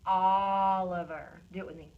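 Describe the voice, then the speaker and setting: A woman reading teacher giving a one-on-one phonics lesson, stretching out sounds slowly and praising often, recorded on a phone camera. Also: medium pitch, muffled recording. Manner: slow, drawn-out modeling of sounds and words; encouraging praise.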